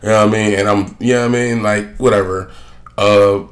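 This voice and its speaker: A man's voice: on the low side, fairly even intonation, fairly quick. Profane rambling man hosting a podcast. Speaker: podcast host. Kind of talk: casual solo podcast rant.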